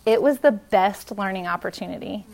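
A woman's voice: medium pitch, moderate pace, gravelly, a little mellow. Woman, 30s, earnest chatty parenting speaker, mid voice, casual with fillers. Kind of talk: casual talk with anecdotes.

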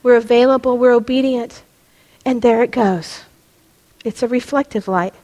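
A middle-aged woman teaching a Bible lesson in a church hall, impassioned and pressing her points, rising almost to a yell. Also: fairly high pitch, normal speed. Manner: impassioned, rising to near-yelling at peaks. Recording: long hall reverb.

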